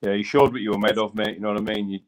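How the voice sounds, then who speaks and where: A man's voice: on the low side, steady tone, rapid-fire, rough recording. A man, a fighter, talking in a casual live-stream chat, enthusiastic and hyped, often adding "mate" and "you know what I mean".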